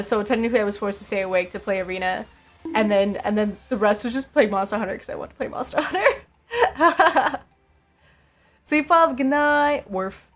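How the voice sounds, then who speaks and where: A young woman streaming, chatting casually with her viewers, laughing often and repeating herself. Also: medium pitch.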